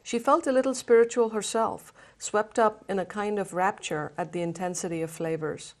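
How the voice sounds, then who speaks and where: A woman from India, a novelist, reading a passage of her fiction aloud with lively expression. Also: medium pitch, moderate pace. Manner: hesitant intro, then lively expressive reading.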